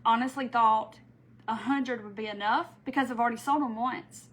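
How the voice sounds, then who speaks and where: A woman's voice: a little high, fairly even intonation, moderate pace, a bit bright, poor audio. A woman hosting a casual live craft stream from home. She chats easily, greets viewers by name and laughs often. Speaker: craft host.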